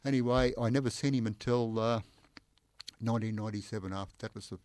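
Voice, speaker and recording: A man's voice: lowish voice, fast, dry recording. An older man with an Australian accent, a former police inspector, telling stories in an interview with frequent "I said" repeats and laughter. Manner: animated, repeats "I said" often, laughs while telling. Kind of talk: anecdotal storytelling in conversation.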